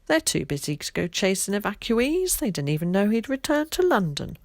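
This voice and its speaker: A woman doing a husky, brisk doctor's wife. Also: medium pitch, very animated, darkish tone, no echo, clean studio sound, voice pushed up. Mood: indignant. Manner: brisk, clipped, firm.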